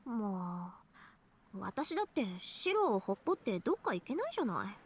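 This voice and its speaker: A woman's voice: medium pitch, sing-song, quick pace, slight background noise. A woman voicing a confident, teasing teenage girl in a visual novel, bossy and playful in manner.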